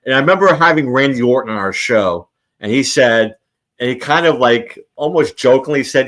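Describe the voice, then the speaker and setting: A man's voice: medium pitch, animated, moderate pace, fairly bright tone. A man hosting a casual show, talking in a rambling way with many restarts. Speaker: host. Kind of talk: casual chat.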